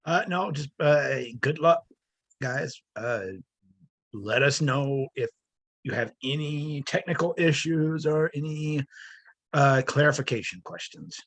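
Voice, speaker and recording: A man's voice: on the high side, slow, fairly bright tone, no room sound. A man college instructor chatting casually with a co-teacher, laughing often and groping for words.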